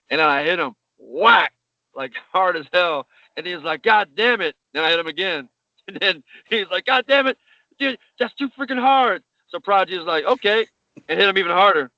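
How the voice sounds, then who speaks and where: A man's voice: a little high, sharp tone, no echo, lo-fi sound. A man, a pro wrestler, being interviewed, telling stories casually and animatedly with laughs and casual swearing.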